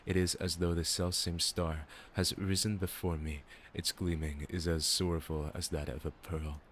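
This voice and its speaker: Male voice actor, very deep, solemn theatrical delivery of game lines over a faint hiss. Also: level tone, moderate pace, a bit bright. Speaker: voice actor reading game dialogue. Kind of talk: dramatic reading of game dialogue.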